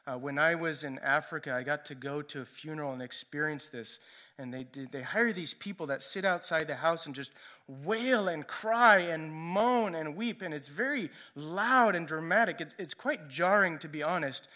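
A man's voice: fairly high pitch, moderate pace, bright, forceful tone. A male preacher giving a sermon in a conversational storytelling way, often checking in with "right?".

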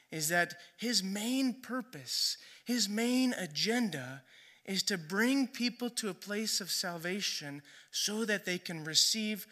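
A man's voice: high voice, sharp tone. A man preaching a sermon in a conversational storytelling way, often checking in with "right?". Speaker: pastor.

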